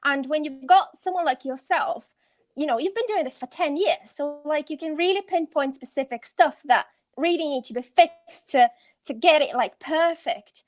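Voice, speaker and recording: Woman, student guest, video call, casual chat, very high pitch, earnest grateful manner. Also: normal speed. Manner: earnest, grateful, filler-heavy.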